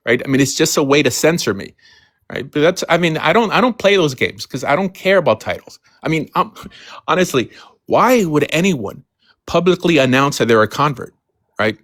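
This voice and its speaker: A man's voice: mid-range voice, a bit bright, dry recording, studio quality. A man on a casual live stream explaining his views earnestly, often adding "you know" and "right". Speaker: guest.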